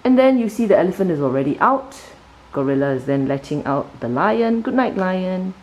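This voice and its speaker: Low-voiced woman reviewing a picture book. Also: fairly quick, rough recording. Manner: animated storytelling, sudden pitch jumps on key words; explains patiently, often checks in with "right?". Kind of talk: casual book flip-through review.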